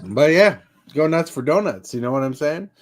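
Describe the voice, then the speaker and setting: A man's voice: fairly high pitch, expressive, normal speed. Rambling, chuckling man hosting. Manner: laughs often, rambling with fillers. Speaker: podcast host. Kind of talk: casual chat.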